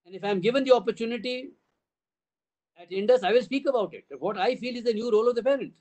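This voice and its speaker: Emphatic older Indian man, high-pitched. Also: fast talker, a little mellow, rough recording. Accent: Indian English. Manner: emphatic, lists points in repeated phrases, rhetorical questions. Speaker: school trust CEO addressing parents. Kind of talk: town hall address.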